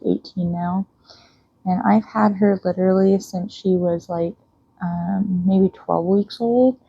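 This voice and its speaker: A woman's voice: mid-range voice, gravelly, dark tone, slightly rough, no room sound, dull audio. A young woman chatting casually as a book vlogger at home, rambling with lots of fillers and restarts. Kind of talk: casual chat while reading and painting nails.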